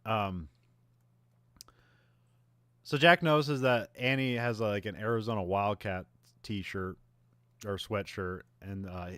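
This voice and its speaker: A man's voice: on the low side, slow pace, pauses often, a bit bright, dry recording, studio quality. A man co-hosting a podcast, casually recapping a movie, laughing often and rambling with lots of fillers. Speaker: podcast co-host.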